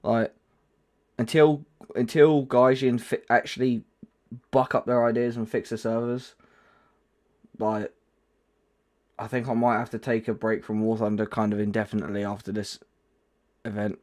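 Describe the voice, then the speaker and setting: A man hosting a gaming livestream in loose, casual chat. His voice sits at an ordinary middle pitch, and he rambles, restarting sentences and filling gaps as he goes. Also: flat delivery, normal speed, pauses often, a little mellow. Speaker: livestream host.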